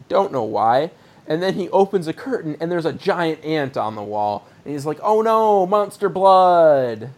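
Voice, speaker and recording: A man hosting a podcast, chatting casually and rambling through a retelling, often laughing. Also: mid-range voice. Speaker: podcast host. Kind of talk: casual review chat.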